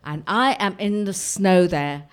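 A woman's voice: mid-range voice, a little slow, smooth. Woman, personal anecdote, dramatic retelling, repeats words for effect. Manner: vivid, dramatic, repeats herself. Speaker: storyteller.

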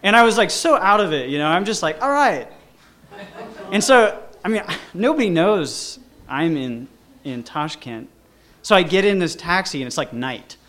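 A man's voice: on the high side, expressive, normal speed, a bit bright. A man casually telling a personal story, rambling with lots of fillers and restarts. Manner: rambling, full of "like" and "you know" with frequent restarts.

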